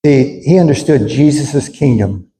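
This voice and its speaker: A man's voice: mid-range voice, lively intonation, unhurried, warm tone, roomy sound, poor audio. A male pastor giving a sermon, earnestly preaching and acting out the people he quotes.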